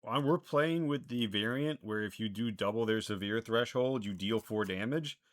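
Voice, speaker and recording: A man's voice: lowish voice, moderate pace. A man running a tabletop game as game master, making casual rulings and narrating the action in loose slang.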